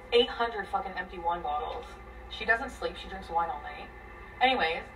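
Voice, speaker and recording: A woman venting a tangled relationship story, profane and rambling, her voice swinging between loud bursts and near mutters. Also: fairly low pitch, recorded from a distance, slight background noise, rough recording. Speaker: guest telling her story. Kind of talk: emotional venting.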